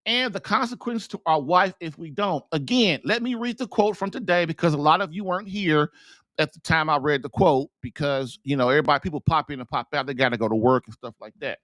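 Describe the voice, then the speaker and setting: A man's voice: a little high, fairly bright tone, no echo. A man hosting a marriage show, giving an earnest, preachy talk to husbands, often repeating and restarting himself as he builds to emphatic urging. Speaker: podcast host and marriage coach. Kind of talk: preachy monologue to a call-in audience.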